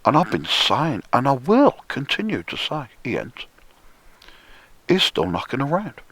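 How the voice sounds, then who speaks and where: Slow, husky man ranting. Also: mid-range voice, huge pitch swings, dry recording. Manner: profane, sneering, drops into hushed whispers for emphasis. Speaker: conspiracy commentator. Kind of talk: ranting monologue.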